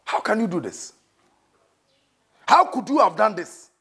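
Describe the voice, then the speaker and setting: Ghanaian man preaching a comic sermon, high and husky, wide swings in pitch, scolding with sudden shouts. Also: big pitch swings, unhurried. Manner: scolding, dramatic, bursts into shouting.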